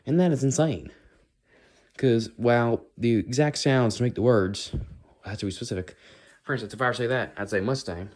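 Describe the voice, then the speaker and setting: A man's voice: mid-range voice, fairly quick, darkish tone. An American man rambling casually in a walk-and-talk monologue, musing as he goes. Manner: rambling, musing, does playful accent impressions. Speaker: vlogger.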